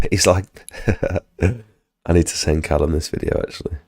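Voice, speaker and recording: Ill man, deep register, loose filler-heavy live-stream chatter. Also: a little slow, darkish tone, soft background music. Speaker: pressure washing business owner and live streamer. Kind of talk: casual live-stream chat.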